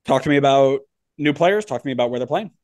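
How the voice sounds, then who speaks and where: A man's voice: mid-range voice, lively intonation, fast, a little mellow, no room sound. A man hosting a casual sports podcast, playfully prompting his co-host and riffing with jokes.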